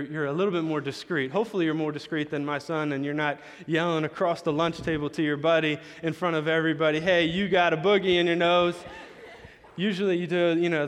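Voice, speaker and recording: A man preaching a sermon, telling chatty stories about his young son and acting out the dialogue. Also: fairly high pitch. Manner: storytelling, chatty, acts out dialogue. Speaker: pastor. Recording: long hall reverb.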